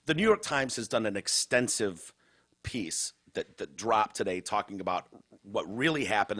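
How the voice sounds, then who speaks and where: A man's voice: fairly low pitch, fairly bright tone. A man with a Midwestern American accent hosting a casual podcast, talking bluntly and sarcastically with plenty of swearing. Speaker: podcast host. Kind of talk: casual talk-show banter.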